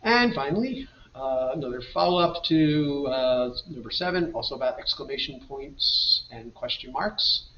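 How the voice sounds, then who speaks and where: A man's voice: medium pitch, lively intonation, moderate pace. A man teaching a grammar lesson over a slideshow, explaining patiently and reading example sentences aloud. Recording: dull, roomy, mic at a distance.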